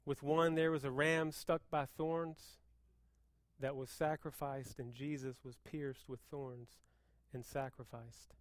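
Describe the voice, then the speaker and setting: A man preaching a sermon as pastor, moving between hushed, intense passages and loud, fervent appeals. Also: medium pitch, steady tone, takes it slowly, no room sound, studio quality.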